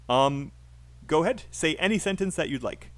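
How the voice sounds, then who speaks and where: A man's voice: on the high side, expressive, moderate pace, a bit bright. A man teaching a live online English speaking class, patiently coaching a student's pronunciation.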